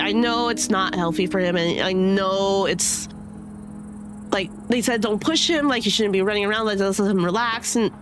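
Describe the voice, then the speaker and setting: A young woman talks in a loose, rambling way, stacking filler words as she goes. She sounds close to tears at times. Faint music plays behind her. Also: medium pitch. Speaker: streamer. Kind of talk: casual chat.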